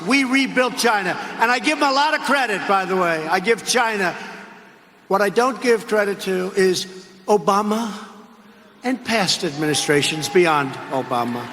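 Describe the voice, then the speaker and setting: Older male politician, rally speech, rambling and repetitive; high, forceful voice in a reverberant arena. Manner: rambling, repetitive, mocking asides. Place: large arena or hall. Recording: echoey arena rally clip with faint noise.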